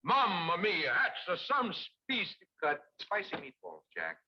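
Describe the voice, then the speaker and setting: A flustered hammy Italian-accented actor. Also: male voice, sits high, wildly swooping pitch, a little slow, slightly rough, heavily acted. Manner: exaggerated, bumbling repeated lines. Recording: dull lo-fi old TV ad.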